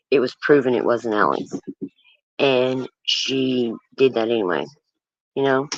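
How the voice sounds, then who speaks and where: Halting livestream host with dull lo-fi sound. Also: mid-range voice, creaky, no room sound. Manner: halting, many ums and restarts; earnest, firm about setting boundaries. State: nervous. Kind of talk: casual livestream talk. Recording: dull lo-fi stream audio.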